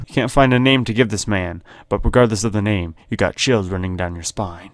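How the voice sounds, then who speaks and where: A man's voice: lowish voice, a little fast, few pauses, no echo. A man hosting a gaming video, reading a horror text game aloud and making jokey asides, often laughing.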